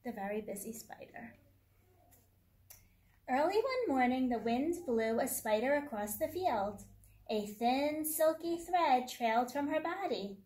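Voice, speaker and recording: A woman's voice: high-pitched, very animated, measured pace, darkish tone. A woman hosting story time for young children, reading a picture book aloud in a sing-song teacher voice and making the animal sounds.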